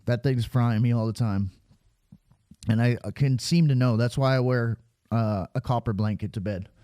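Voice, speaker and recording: A man talks over footage on screen, out of breath and rambling, sliding from sarcasm into preaching. His voice is mellow and dark, and it sits close and dry on the mic. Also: medium pitch, normal speed, dry recording. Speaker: video creator. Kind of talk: casual commentary over weather radar footage.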